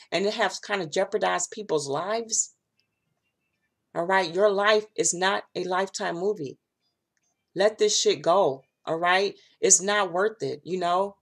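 Blunt, profane woman tarot reader. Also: mid-range voice. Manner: blunt, profane, streetwise, punctuated with "all right?" and "okay?". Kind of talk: casual tarot reading to viewers.

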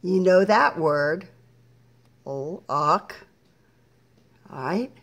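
Woman teacher, middle-aged, slightly low voice, very slow and patient, splitting children's words into syllables. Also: expressive. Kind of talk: slow phonics lesson for young children.

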